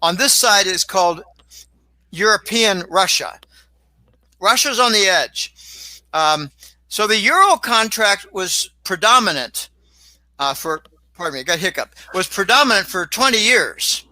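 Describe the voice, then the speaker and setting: A man talking as a guest in a casual interview, rambling and animated, with sudden exclamations. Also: high-pitched, unhurried, dry recording, rough recording. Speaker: guest commentator.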